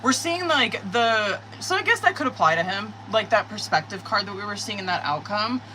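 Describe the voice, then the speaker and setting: Bright-voiced, excitable woman tarot reader. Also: medium pitch, moderate pace, a little hiss or hum, low-quality recording. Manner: excitable, cursing, talks to viewers. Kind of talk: live-stream tarot reading.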